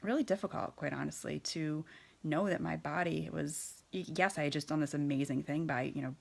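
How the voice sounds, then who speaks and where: A woman in her thirties shares her personal story in a candid, unpolished way. Her voice sits low with a gravelly fry, and she often pauses, restarts and fills gaps as she talks. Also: darkish tone. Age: 30s. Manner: candid, hesitant, many fillers and restarts.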